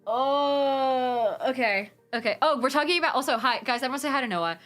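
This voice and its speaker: This young woman, from the Pacific Northwest, has a high voice and talks fairly quickly while casually chatting on a live stream and reading comments from viewers. She's energetic, laughs constantly, swears freely, and wanders off with restarts. Faint music sits behind her.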